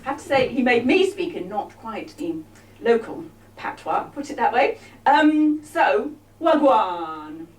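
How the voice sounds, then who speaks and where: A woman's voice: on the high side, lively intonation, unhurried. A woman performing a live comic show, chatting with the audience in a wry, teasing way, on an arts venue stage, recorded from far off in an echoey hall.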